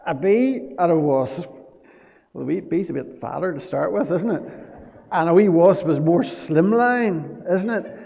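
A male pastor tells a children's story during a church service and keeps asking the little ones questions. His voice sits fairly high, with a gravelly, mellow tone. The sound is slightly dull and carries a long church-hall echo. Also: expressive, unhurried. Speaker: pastor giving a children's talk.

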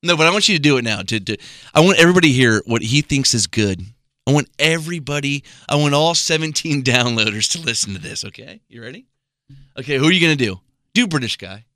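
An American man co-hosting a podcast, teasing his friend in a mock-exasperated, animated way. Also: mid-range voice, fast, no room sound, clean studio sound. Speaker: podcast co-host. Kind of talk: casual podcast banter.

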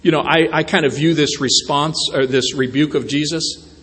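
A male pastor delivers a sermon in a church sanctuary, his voice carrying a long echo through the hall. He sits a little higher than most men and moves between hushed, drawn-out lines and quick, lively passages where he acts out the voices in the story. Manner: animated preaching, acts out voices of Jesus and the disciples.

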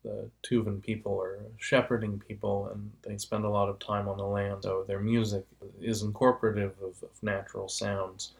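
A man's voice: fairly low pitch, vocal fry. A man giving a casual, patient explanation of how engines and voices make sound. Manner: patient, illustrates with vocal demonstrations.

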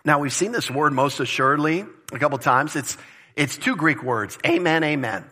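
A pastor preaching a conversational, emphatic sermon, repeating phrases for stress. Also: male voice, a little high, lively intonation, moderate pace, bright, forceful tone. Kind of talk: expository sermon.

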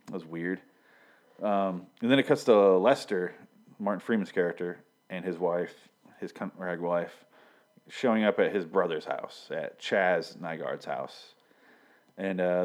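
A young Michigan man with a low, slightly mellow voice casually recaps a TV episode. He rambles, packs in fillers, and swears while quoting scenes.

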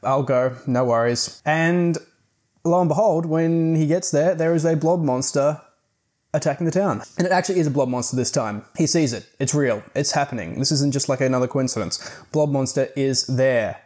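A man's voice: a little high, moderate pace, a little mellow. A man giving a casual, rambling book review, recapping the plot with fillers and the odd swear. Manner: chatty, rambling, swears now and then.

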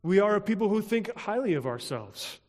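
A pastor delivering a sermon in a rhythmic, repetitive style, dropping at times to a hush. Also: male voice, high voice, sing-song, normal speed, big-room sound. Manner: rhythmic, repetitive preaching with dramatic drops to a hush.

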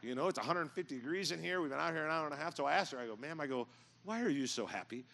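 A middle-aged man pastor telling stories in a sermon, animated and jokey, now and then breaking into loud mock yelling. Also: fairly high pitch, rapid-fire, gravelly. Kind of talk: storytelling sermon. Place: church auditorium with audience.

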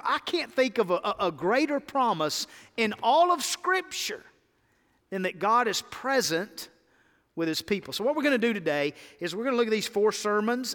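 A pastor preaches a sermon in a church sanctuary, a large hall, leading his congregation in call-and-response. He swings between emphatic peaks and quiet, low lines.

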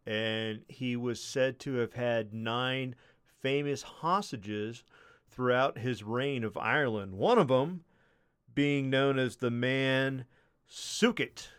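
A man's voice: medium pitch, a bit bright, clear, resonant tone. A man hosting a podcast, casually telling a long story with lots of swearing and fillers. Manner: rambling, profane, many fillers. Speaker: podcast host.

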